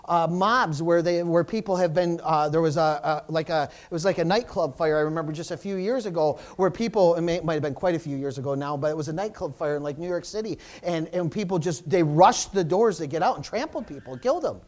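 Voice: medium pitch, a little fast, hardly any pauses, darkish tone. A pastor preaching a sermon to a congregation in church, often restarting phrases and calling out "amen?" and "praise the Lord".

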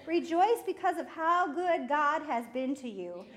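A middle-aged woman preaching a sermon in a lively way, laughing often and acting out what people say. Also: high-pitched, unhurried. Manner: lively, laughs often, acts out quoted speech.

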